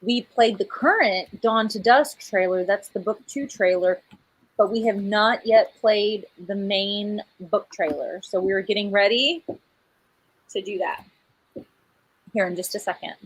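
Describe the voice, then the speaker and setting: A woman chatting casually to viewers of a livestream. She is the author, laughing often and warmly addressing the audience as "y'all". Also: mid-range voice, measured pace, slightly rough, rough recording. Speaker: author hosting a live book premiere.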